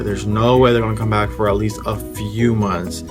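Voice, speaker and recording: A man's voice: fairly low pitch, little pitch movement, moderate pace, over music. A young man telling a story in a casual vlog, rambling and slangy as he talks straight to his viewers. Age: young adult.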